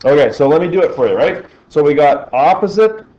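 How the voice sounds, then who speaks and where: A man's voice: fairly high pitch, animated, fairly quick, dull audio. Chatty man teaching a class. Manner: chatty, asks the class questions as he works. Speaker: physics teacher.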